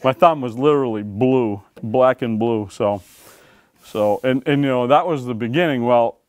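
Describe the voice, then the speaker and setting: A man's voice: medium pitch, moderate pace, dry recording. Folksy man telling warden stories. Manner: folksy, animated storytelling with laughs and acted-out quotes. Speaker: author and former game warden. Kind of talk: storytelling talk to an audience. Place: library talk room.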